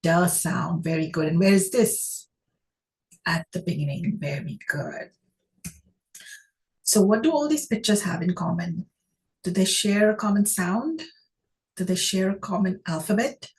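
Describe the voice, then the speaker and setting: A woman's voice: on the low side, animated, unhurried, pauses often, low-quality recording. A woman teaching a phonics lesson, who asks her class questions and praises each answer.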